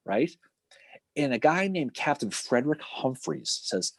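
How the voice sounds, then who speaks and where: A man co-hosting a casual history podcast, retelling events with lively acted-out quotes and casual swearing. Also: medium pitch, measured pace, no echo. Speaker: podcast co-host.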